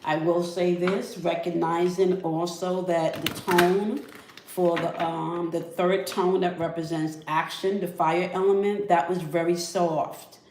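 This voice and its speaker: A woman leading a guided spiritual energy check-in, calm and coaxing, who often ends her phrases with "okay?". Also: lowish voice, slow pace, a little hiss or hum. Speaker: spiritual reader. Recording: echoey room.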